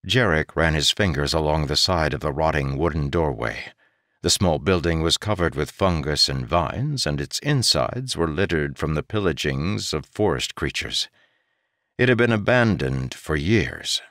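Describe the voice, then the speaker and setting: A man narrating an audiobook in an expressive way, his pitch rising and falling with the drama. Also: normal speed, no echo, clean studio sound.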